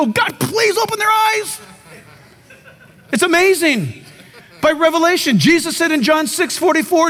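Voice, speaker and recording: A man with a very high voice preaches to his congregation in an emphatic, animated way, breaking into comic asides. His voice carries the long reverb of a large church sanctuary. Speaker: pastor. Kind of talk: sermon.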